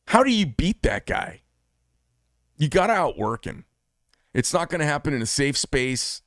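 In a clean studio recording with no room sound, a middle-aged American knife maker speaks alone to camera, combative, blunt and profane. His fairly high, a bit bright voice swings widely in pitch, unhurried and with long pauses.

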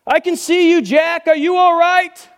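A patient, steady voice of God calling down to a man in trouble, put on by a preacher telling a joke. It sounds reassuring and unhurried, pitched higher than normal, and carries long hall reverb. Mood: calm assurance. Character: calm, patient male voice of God.

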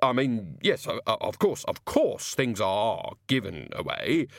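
A man's voice: lowish voice, very animated, a little slow, vocal fry, dry recording, studio quality, full character voice. A man voicing a nervous shopkeeper who stammers and flusters. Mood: flustered.

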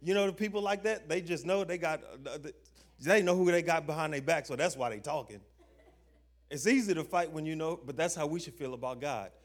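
A young adult man preaching a sermon, emphatic, asking the listeners questions and reading scripture slowly with stress. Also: a little high. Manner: emphatic, call-and-response questions; slow stressed scripture reading, informal grammar.

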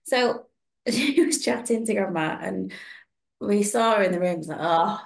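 A woman's voice: mid-range voice, a little slow, vocal fry. A young woman telling stories in casual chat on a podcast. She acts out the people she quotes. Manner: animated storytelling, acting out quoted voices. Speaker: podcast co-host.

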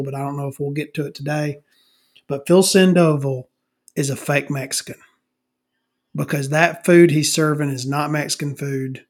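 A middle-aged man on a comedy podcast, ranting and rambling with constant swearing and many restarts. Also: a little high.

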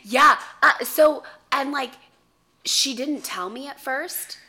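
A woman co-hosting a podcast in casual chat, an animated storyteller who laughs and swears freely. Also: sits high, takes it slowly. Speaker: podcast co-host.

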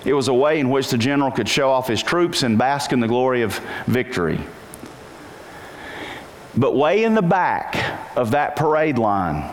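Animated and questioning, a male pastor preaches to his congregation, pausing his pace to stretch quoted passages in a singsong voice full of big pitch jumps. The sound carries long reverb and faint noise from the hall.

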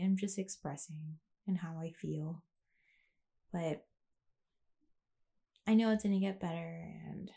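Creaky-voiced woman ranting candidly. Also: fairly low pitch, a little mellow. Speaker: vlogger. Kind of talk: casual confessional monologue.

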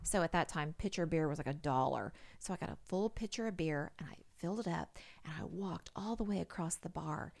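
A woman's voice: sits low, brisk, gravelly, few pauses. A middle-aged woman, a podcast guest, telling a story casually and acting out the voices of the people in it. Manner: animated, acts out quoted voices.

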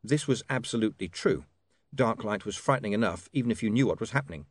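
A man narrating a comic fantasy audiobook in a measured storytelling manner. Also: on the low side, animated, slightly rough, no echo. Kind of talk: scripted narration.

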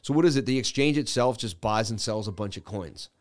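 A man hosting a crypto trading livestream, talking in a halting way with many fillers and restarts, and reading news items aloud with his own comments. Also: fairly low pitch. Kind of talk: casual livestream talk.

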